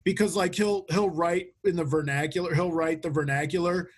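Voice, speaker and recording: A man's voice: on the high side, fairly even intonation, moderate pace, slightly rough. A man chatting casually on a podcast, rambling with restarts and fillers as he describes a book. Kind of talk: casual chat.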